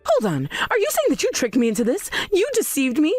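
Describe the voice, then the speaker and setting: A woman plays an indignant middle-aged mother in a storybook drama, defensive and quick to shift blame. Her voice sits a little high and swings widely, recorded dry and close. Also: wildly swooping pitch, a little mellow, no room sound, soft background music. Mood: outraged.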